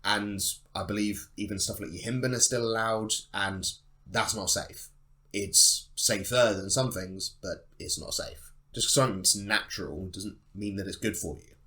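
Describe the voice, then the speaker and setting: A man's voice: lowish voice, normal speed, bright, forceful tone. A young man talking to the camera in an opinionated monologue, emphatic and sarcastic, with free swearing. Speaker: bodybuilding channel host.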